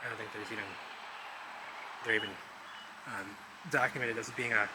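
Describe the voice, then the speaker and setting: A man vlogging outdoors among rubble, rambling excitedly and talking straight to his viewers as he points things out. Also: fairly low pitch, moderate pace. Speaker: vlogger exploring ruins. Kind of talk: casual walk-and-talk commentary. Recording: loud outdoor traffic noise.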